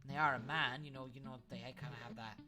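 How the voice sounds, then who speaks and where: A man's voice: mid-range voice, steady tone, quick pace, music in the background, close to an everyday voice. A man voicing a nervous tavern patron who rambles and backpedals.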